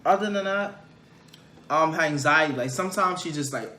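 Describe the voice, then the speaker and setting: A man co-hosting a casual vlog while eating, relaxed and hesitant, filling his speech with "like" and "um". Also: a little high, moderate pace, reverberant, slight background noise. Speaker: vlog co-host.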